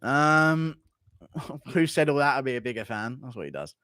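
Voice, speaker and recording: A man's voice: mid-range voice, very animated, normal speed, bright, forceful tone, clear, resonant tone, no room sound, clean studio sound. A man giving casual, blunt and profane commentary in an offhand way. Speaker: online commentator.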